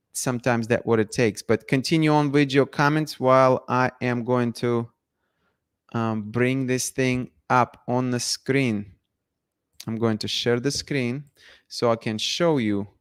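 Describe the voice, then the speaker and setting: A man's voice: medium pitch, clean tone, no room sound, clean studio sound. A man hosting a live stream, chatting casually to viewers while he sets up screen sharing and repeats himself.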